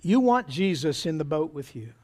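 A pastor preaching a sermon to his congregation, with dramatic pauses and acted-out quotes. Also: on the high side, very animated, darkish tone.

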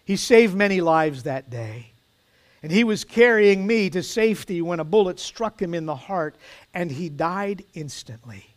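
A man's voice: high voice, lively intonation, unhurried. A man voicing a humble, grateful young soldier speaking earnestly.

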